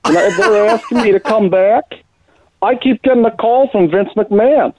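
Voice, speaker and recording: A man's voice: high voice, moderate pace, darkish tone, no echo, pitched above the performer's own voice. A man doing an impression of a boastful male wrestler, speaking over a tinny line. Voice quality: phone-like tinny sound. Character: impression of a gruff male wrestler, raised pitch. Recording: tinny phone-like line, dry.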